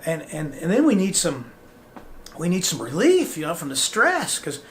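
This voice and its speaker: Animated male motivational podcast host. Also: on the high side, normal speed, slight background noise. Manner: animated, acts out quoted voices. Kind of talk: motivational talk.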